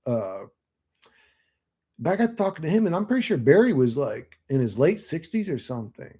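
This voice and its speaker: Brisk and very animated, a man with a fairly high, warm voice and a breathy edge reads viewer comments on his channel. He's in his late thirties, from Florida, and his rambling, casual delivery is packed with profanity and fillers.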